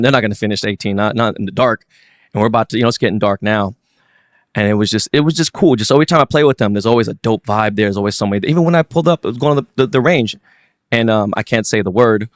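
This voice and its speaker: A man's voice: mid-range voice, dry recording, clean studio sound. A man hosting a casual podcast chat, laid-back, talking in loose slang. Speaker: podcast host.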